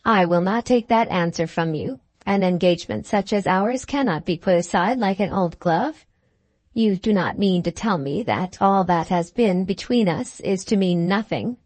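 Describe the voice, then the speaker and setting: Woman reading a stiff, insistent Victorian gentleman. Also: mid-range voice, moderate pace, dry recording, close to an everyday voice. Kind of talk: audiobook dialogue reading.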